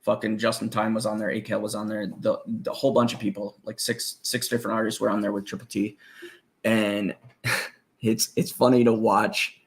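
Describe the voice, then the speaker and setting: Gravelly low-voiced man, casual and profane. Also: level tone, normal speed. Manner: rambling, swears freely, laughs often. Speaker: guest musician.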